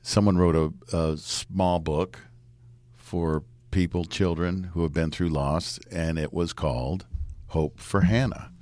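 Very deep-voiced man reporter. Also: fairly even intonation, slow, a little mellow. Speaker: news reporter. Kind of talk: podcast news discussion.

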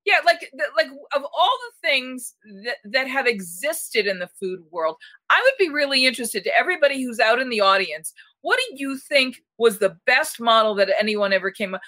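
A woman's voice: high voice, expressive, normal speed, bright, forceful tone. A woman hosting a casual panel chat, asking long, rambling questions full of restarts.

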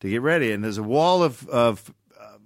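A man in his fifties, a podcast guest, chatting casually and telling stories with lively energy, slipping into voices now and then. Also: mid-range voice, normal speed, no echo, studio quality. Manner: animated storyteller who slips into voices.

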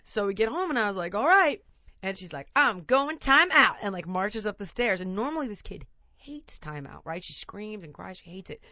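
A woman host telling a long story in casual chat, animated and often laughing, acting out her toddler in voices. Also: mid-range voice, brisk, no echo, lo-fi sound.

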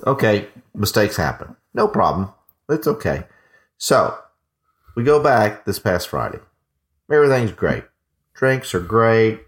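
A man's voice: on the low side, very animated, unhurried, long pauses. A man co-hosting a casual podcast, telling a rambling story with lots of restarts and acted-out dialogue. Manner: rambling, restarts, acts out both sides of dialogue. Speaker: podcast co-host.

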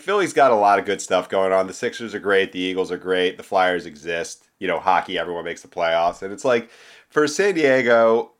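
A man's voice: low voice, a bit bright. A man from the Philadelphia area talking sports casually, rambling with many fillers and laughing easily. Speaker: podcast guest.

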